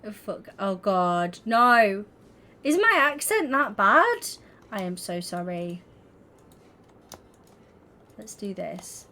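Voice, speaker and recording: A woman's voice: medium pitch, very animated, takes it slowly, long pauses, sharp tone. A young woman streaming, chatting casually and giggling as she talks to her viewers. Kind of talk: casual livestream chat while gaming.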